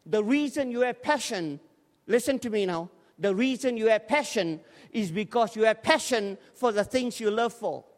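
Man, preacher, very high voice, energetic joking sermon, long church-hall reverb. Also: moderate pace. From Scotland. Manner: energetic, jokey, urges the crowd to respond. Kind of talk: lively humorous sermon.

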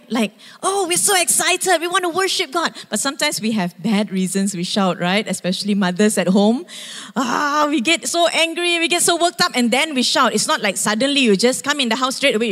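A woman preacher delivers a lively sermon, her fairly high voice rising as she acts out shouts. She keeps asking the congregation questions. Her voice carries a long reverb through a church hall.

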